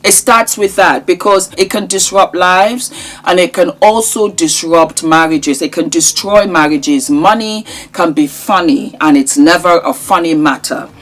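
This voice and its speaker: A woman hosting a casual vlog, talking to her viewers in an affectionate, animated way and sometimes singing a word. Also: lowish voice, unhurried. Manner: affectionate, animated, sings words at times. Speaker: vlogger host.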